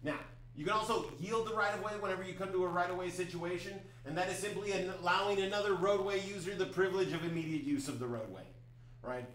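A man's voice: sits high, quick pace, a bit bright, roomy sound, poor audio. A middle-aged man teaching a driving class in a chatty, storytelling way, often checking in with the students. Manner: chatty, storytelling, frequent "right?" check-ins. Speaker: driving instructor. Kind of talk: classroom lecture.

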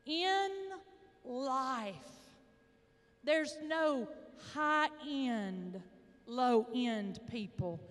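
A middle-aged woman with an Arkansas accent giving a motivational speech, telling folksy stories with dramatic pauses. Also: high voice, a bit bright. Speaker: motivational speaker. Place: large indoor hall, addressing an audience. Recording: echoey large hall.

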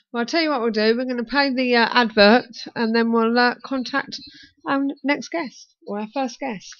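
A woman's voice: on the high side, fairly even intonation, moderate pace, a bit bright, no echo. A woman hosting a casual talk show, chatty and hesitant with lots of fillers. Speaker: radio talk show host. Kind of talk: casual chat. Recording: muffled dry sound.

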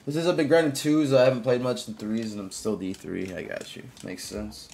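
A man streaming a game live, chatting casually with viewers, greeting them by name and reacting out loud to plays. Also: mid-range voice, steady tone, fairly quick, vocal fry, a little hiss or hum.

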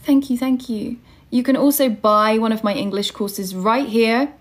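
A woman's voice: fairly high pitch, unhurried. A young woman hosting a casual livestream and teaching English online, greeting viewers by name and reading out their star signs.

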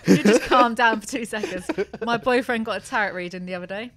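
A woman's voice: fairly high pitch, a little fast, a bit bright. A woman hosting a podcast in casual banter, brash and jokey, swearing freely. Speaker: podcast host.

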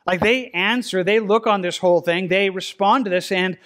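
A man preaching a verse-by-verse sermon in a conversational way, often repeating words and slowing down to read scripture. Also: high voice, fairly bright tone. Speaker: pastor. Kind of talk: expository sermon. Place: church sanctuary.

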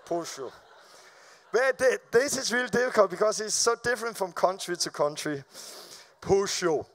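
A man with a notably high speaking voice tells a personal testimony from the pulpit. He keeps it animated and informal, laughing along and stumbling over repeated words as the story spills out. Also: moderate pace. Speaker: preacher. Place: live event before an audience.

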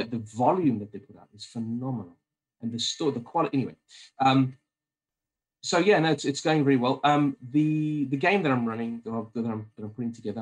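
This South African man chats on as a podcast guest, talkative and meandering, often starting his sentences over in the relaxed interview. He has a medium-pitched voice, and the recording quality is low.

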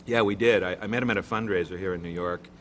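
A man's voice: low voice, fairly even intonation, quick pace, fairly bright tone. A man guesting on a late-night talk show, rambling in a dopey, laid-back comic way in front of a live audience. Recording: noisy broadcast with studio audience.

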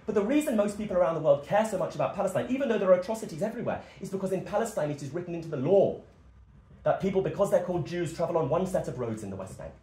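A man's voice: sits high, big pitch swings, racing, mellow. A young man giving an impassioned, emphatic political speech at a meeting. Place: meeting room. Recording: echoey meeting room.

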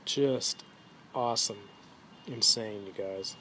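A man's voice: on the low side, takes it slowly, a bit bright. Middle-aged guy unboxing rc stuff at home, hyped, says you guys a lot, bit of noise behind him. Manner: enthusiastic, keeps saying "you guys". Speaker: RC hobby vlogger. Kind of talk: casual unboxing chat.

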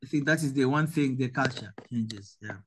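A man's voice: mid-range voice, moderate pace, slight background noise. Older Tanzanian man, emphatic guest. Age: 70s. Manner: emphatic, repeats and restarts words. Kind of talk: interview answers.

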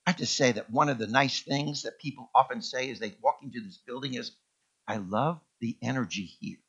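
A male pastor preaching a sermon in a church, emphatic and repeating key words with sweeping rises in pitch. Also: fast, a bit bright, husky, dull audio. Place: church sanctuary.

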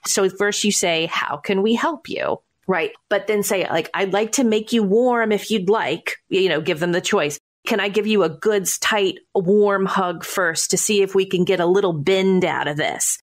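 A woman's voice: mid-range voice, moderate pace, few pauses. A woman co-hosting a parenting podcast, speaking as a parent and thinking aloud with playful ideas. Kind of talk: casual podcast chat.

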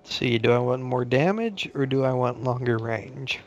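A man's voice: medium pitch, animated, normal speed, lo-fi sound. A young man hosting a casual gaming session, trading jokes and mock-serious asides with a friend. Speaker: gaming channel host.

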